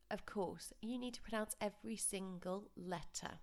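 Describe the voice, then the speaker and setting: A woman teaching a lesson over slides, explaining pronunciation patiently and modelling words slowly for repetition. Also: mid-range voice, gravelly. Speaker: Spanish teacher. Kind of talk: recorded classroom lesson.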